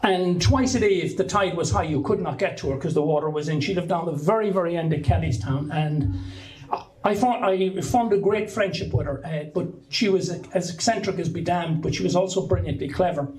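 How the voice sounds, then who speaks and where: This Irish man, middle-aged and giving a talk as an author, spins a meandering anecdote for a book launch crowd, often restarting mid-sentence. He sounds high-pitched and slightly mellow, speaking fairly quickly on a low-quality recording.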